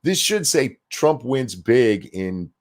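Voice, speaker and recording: A man's voice: mid-range voice, big pitch swings, slow. A man co-hosting a casual political commentary chat, blunt and sarcastic, swearing freely and reading viewer messages aloud. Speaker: podcast co-host.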